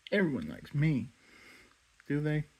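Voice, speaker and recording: A man voicing a laid-back male moose toy who brags in a mellow drawl. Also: fairly high pitch, very animated, a little slow, husky, full character voice. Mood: boastful.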